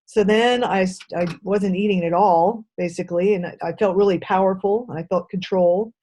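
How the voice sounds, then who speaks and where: A middle-aged woman tells her own story as a guest on an interview show. Her voice is mellow and warm, and she speaks softly and thoughtfully, pausing on "um" as she gathers her memories. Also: mid-range voice, steady tone. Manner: soft-spoken, reflective, hesitant with "um" and "uh".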